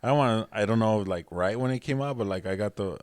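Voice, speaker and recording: A man's voice: fairly low pitch, fast talker, no room sound, studio quality. A man in his forties, co-hosting a podcast in casual, profane chat and laughing often. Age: 40s. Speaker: podcast co-host.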